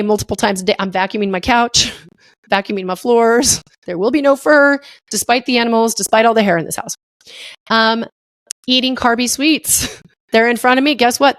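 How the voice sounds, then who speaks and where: Middle-aged woman podcast host, animated and jokey, on the high side. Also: dry recording, studio quality. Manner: animated, playful, acts out voices and jokes. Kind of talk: casual solo podcast monologue.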